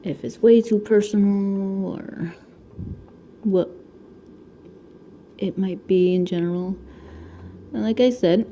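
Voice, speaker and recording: Chatty woman with a gravelly Connecticut accent. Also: mid-range voice, takes it slowly, pauses often, mellow, slight background noise. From Connecticut, USA. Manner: rambling, chatty, laughs often. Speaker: crafting vlogger. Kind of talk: casual chat while diamond painting. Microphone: camera mic.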